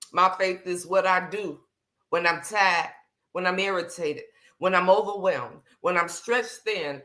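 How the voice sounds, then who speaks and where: A woman's voice: fairly low pitch, fairly bright tone. A woman hosting a faith livestream, talking candidly and bluntly with slang, greeting viewers as she goes. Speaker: livestream host.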